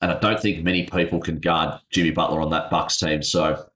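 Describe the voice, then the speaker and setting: A man's voice: extremely low pitch, flat delivery, a little fast, fairly bright tone. A man hosting a casual solo fantasy basketball review, rambling and thinking aloud as he checks stats. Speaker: fantasy basketball channel host.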